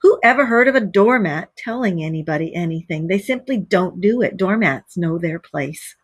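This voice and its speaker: A woman voicing a fussy, put-upon male mole in a read-aloud storybook, with plaintive, high complaints. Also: expressive, moderate pace, breathy edge, dry recording. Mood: skeptical.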